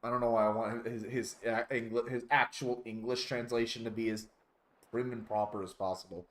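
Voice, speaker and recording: A man's voice: medium pitch, fairly even intonation, a little fast, a bit bright. A young man casually commenting on a game he streams, wry and joking. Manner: wry, joking, laughs often.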